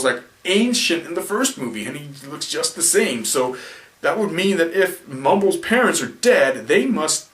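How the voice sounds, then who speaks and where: A man's voice: on the high side, a bit bright. Tired man rambling through a film review. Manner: rambling, self-correcting, frequent restarts and fillers. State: tired late at night. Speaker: video reviewer. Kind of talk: casual spoken film review. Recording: roomy echo, mic at a distance.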